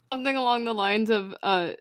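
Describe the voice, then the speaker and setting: A woman's voice: fairly high pitch, normal speed. A woman hosting a podcast, chatting playfully and reading her own story aloud, often mocking herself. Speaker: podcast host.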